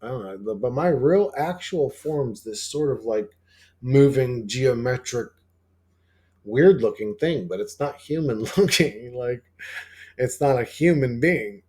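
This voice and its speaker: A man's voice: expressive, a little slow, a little mellow. A man rambling casually as a channel host, swearing often and full of fillers and restarts. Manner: acts out quoted dialogue in a higher voice.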